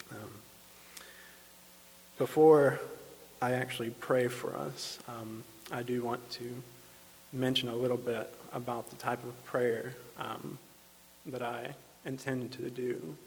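A man leading a congregation in prayer, measured and calm, pausing with fillers. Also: medium pitch, gravelly. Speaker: prayer leader. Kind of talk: slow spoken prayer. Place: church sanctuary. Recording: long church reverb with faint hum.

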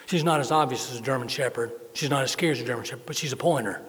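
A middle-aged man preaches a sermon to his church in a plain, mid-pitched voice. He repeats his phrases for emphasis and mixes in easygoing, folksy humor. His voice rings with a long reverb from a large hall. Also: rapid-fire, hardly any pauses, a bit bright. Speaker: pastor.

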